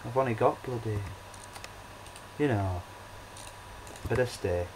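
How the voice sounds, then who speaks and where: A man's voice: mid-range voice, slow pace, background noise. A young man gives casual, rambling gameplay commentary as a let's play host. He talks full of ums and false starts. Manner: rambling, hesitant, many ums and restarts.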